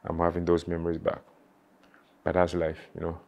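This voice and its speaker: Man, very low voice, flat delivery, halting, emotional. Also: gravelly, dull audio. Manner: halting, repeats words, frequent "you know". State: emotional, near tears at times. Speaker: former footballer reminiscing. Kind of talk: emotional interview reflection.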